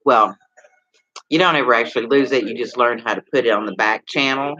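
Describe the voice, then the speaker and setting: A man's voice: mid-range voice, brisk, dull audio, crowd noise. Texan man rambling on a livestream. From Texas. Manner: rambling, talks straight to viewers with many questions. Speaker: livestream host. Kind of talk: casual livestream chat.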